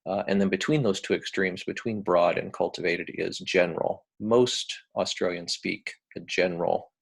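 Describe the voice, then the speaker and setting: An American man giving a recorded lecture, talking in a relaxed, hesitant way with many ums and uhs. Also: low voice, normal speed, creaky, husky. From United States.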